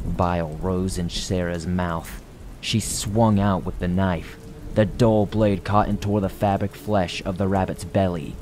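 Deep-voiced man narrating horror. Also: steady tone, measured pace, darkish tone, a little hiss or hum.

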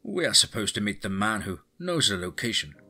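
A determined soldier on a hunt, plain-spoken and purposeful, in a deep voice, as a man narrator puts him on. The sound is forceful and bright, with faint guitar music behind. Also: very animated, fairly quick, slightly rough, heavily acted.

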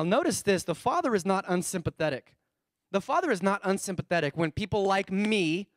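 A man in his thirties preaching a sermon as a pastor, animated, asking the congregation questions and acting out characters' lines. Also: high voice, dry recording, clean studio sound. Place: church.

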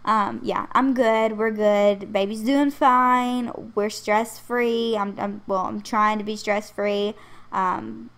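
A woman's voice: mid-range voice, steady tone, slow, a bit bright, clean tone. A young pregnant woman hosting her channel, chatting casually in a rambling voice-over with frequent laughter. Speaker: channel host. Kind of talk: casual voice-over chat over a game build.

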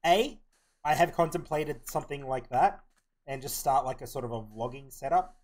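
Here a young streamer chats casually as he plays, muttering his strategy to himself. He has a mid-range, darkish-toned voice and keeps a moderate pace.

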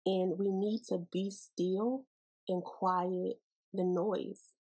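Woman podcast host, Bible teaching, folksy and playful, breathy tone. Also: medium pitch, level tone, very slow, mellow, poor audio.

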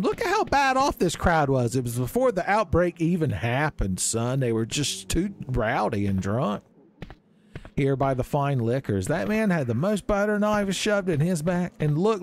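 A man's voice: a little high, darkish tone, a little hiss or hum. A man doing joking, rambling gameplay commentary, calling listeners son. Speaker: let's play host. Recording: game music behind voice.

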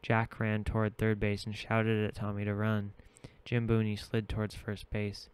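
A man reading a novel aloud in steady, measured audiobook narration. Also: on the low side, clear, resonant tone. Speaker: audiobook reader.

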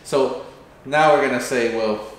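A channel host talks through a video plan in a casual chat, acting out lines as he goes. His voice sits in the mid range and moves at a measured pace. The room is very echoey, with faint noise.

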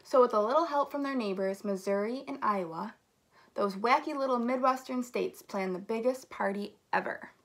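Woman, school staff, reading a picture book aloud to kids, lively, slightly high voice. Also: moderate pace. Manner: warm, lively storytelling to children. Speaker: elementary school staff member.

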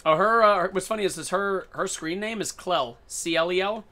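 Bright-voiced excitable male game streamer. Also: high-pitched, brisk. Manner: excitable, playful, jokey running commentary. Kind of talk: casual live-stream gameplay chat.

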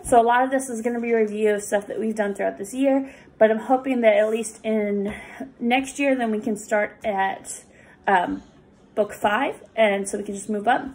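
A woman tutoring young readers, explaining reading rules patiently with many pauses and fillers. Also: a little high, fairly even intonation, a little mellow. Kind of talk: recorded lesson for students.

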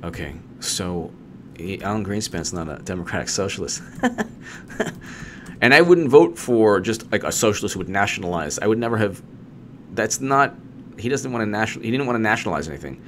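Against slight background noise, a man with a lowish voice rants about politics, fairly quick and animated. The commentator is sarcastic and repetitive, mocking his opponents by putting on silly voices.

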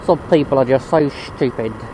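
A man's voice: mid-range voice, fairly quick. A young man riding a motorbike through town, swearing and ranting at other drivers in exasperated commentary. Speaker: motorcycle vlogger. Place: on a motorbike in town traffic outdoors. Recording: loud road and traffic noise.

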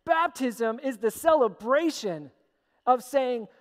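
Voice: sits high, lively intonation, slow pace. A pastor preaching a sermon with emphatic, repeated phrases, recorded in a church sanctuary. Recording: long church hall reverb.

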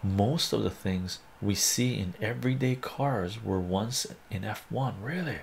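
A man's voice: lowish voice, a little slow, creaky, a little hiss or hum. A man hosting a live stream from home, chatting casually and reading out viewer comments, laughing often and thinking aloud. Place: home room with a meowing cat.

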